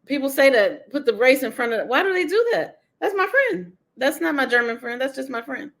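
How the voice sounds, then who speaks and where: A woman's voice: high voice, very animated, brisk, fairly bright tone. A woman author being interviewed, talking candidly and emphatically, laughing often.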